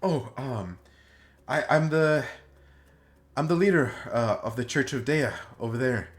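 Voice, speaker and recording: A man's voice: mid-range voice, a little slow, voice pushed up, natural voice. A man voicing a flustered, polite male church leader in his fifties who stammers and hesitates.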